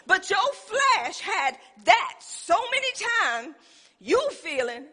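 High-voiced woman preaching. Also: very animated, slow pace, sharp tone. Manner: emphatic call-and-response preaching. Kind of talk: sermon. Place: church sanctuary. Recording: long reverb in a church hall.

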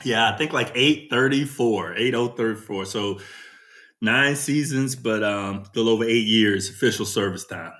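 A man with a bright, forceful voice telling old team stories in a relaxed podcast chat. He laughs as he goes and keeps tossing in "man." The talk is loose and animated. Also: fairly low pitch, normal speed. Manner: animated storyteller, laughs often, says "man" a lot. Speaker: podcast guest, former ballplayer. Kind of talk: casual storytelling chat.

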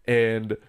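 A man in casual conversation tells a rambling, profane story, stumbling over fillers and breaking into laughter. His voice sits at an ordinary pitch for a man. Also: clean tone. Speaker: podcast host telling a story.

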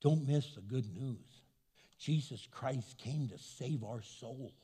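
Animated pastor preaching in a reverberant church. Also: male voice, mid-range voice, slow, husky. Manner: animated, acts out quoted voices. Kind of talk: sermon. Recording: long hall reverb.

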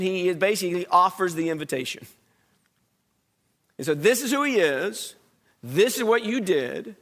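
Brief: male Bible teacher, high voice, conversational, poses questions to the class, restarts often. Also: a bit bright. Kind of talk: Bible study lesson.

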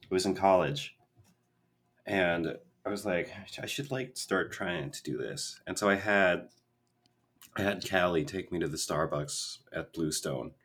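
A young man with a low, husky voice chats loosely as a podcast co-host. He wanders off on tangents and fills gaps with "like" and "you know." He is from Minnesota. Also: a little slow, fairly bright tone. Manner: rambling, full of tangents and fillers. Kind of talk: casual chat.

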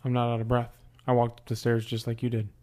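A man's voice: mid-range voice, completely flat delivery, quick pace, dark tone. A man co-hosting a casual podcast, making dry, teasing jabs at his friend. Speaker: podcast co-host.

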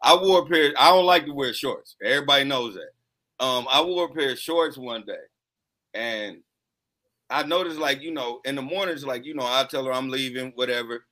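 A man's voice: mid-range voice, moderate pace, bright, forceful tone, rough recording. A man co-hosting a podcast in a casual, candid chat, swearing freely. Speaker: podcast co-host.

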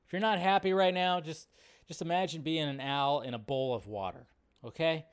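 A man hosting a live show in casual commentary, rambling between low mumbles and loud excited outbursts. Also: normal speed, smooth. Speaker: show host.

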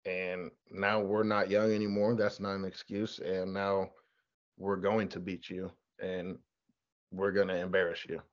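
A young man in his twenties, a college football player, telling stories in a relaxed, chatty interview. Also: low-pitched, measured pace. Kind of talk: casual interview. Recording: dull lo-fi sound.

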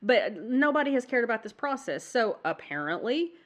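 A woman co-hosting a casual podcast chat while sick with the flu, coughing now and then, chatty and quick to laugh. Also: a little high, big pitch swings, crowd noise. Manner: chatty, rambling, laughs easily. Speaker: podcast co-host.

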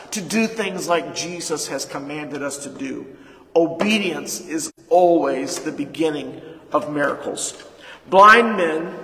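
Emphatic high-voiced preaching pastor. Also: male voice, a bit bright. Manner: emphatic preaching with repeated lines and rhetorical questions. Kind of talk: sermon. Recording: echoey hall with long reverb.

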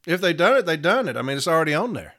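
Guy ranting about union stuff, bright tense voice, kinda high, swears a lot, blunt. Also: big pitch swings, very fast. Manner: blunt, combative, swears freely. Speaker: union steward podcast host. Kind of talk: casual profane monologue.

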